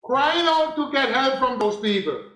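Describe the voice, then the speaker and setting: A spiritual teacher with a very high voice preaches in an unhurried, deliberate monologue, repeating phrases for emphasis. He sounds animated and a bit bright, and the room is roomy and echoey.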